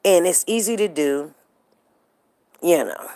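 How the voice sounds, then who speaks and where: A woman's voice: lowish voice, slow pace, dark tone. A middle-aged woman hosting a live show, chatting casually and telling stories straight to her viewers. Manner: chatty, storytelling, addresses viewers directly.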